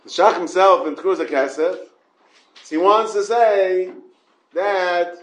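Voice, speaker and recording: Male Talmud teacher, high-pitched, stop-start delivery full of rhetorical questions, roomy echo. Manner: halting, repeats words and restarts often; asks rhetorical questions and checks with the listeners. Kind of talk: Talmud class lecture.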